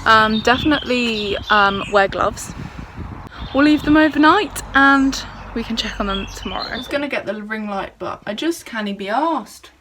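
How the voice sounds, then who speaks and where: A woman's voice: a little high, normal speed, pushed and bright, a little hiss or hum. A young woman chatting casually to a handheld camera at home, exclamatory and self-mocking. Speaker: vlogger. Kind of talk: casual vlog chat. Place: home and garden. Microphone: handheld camera, shaky.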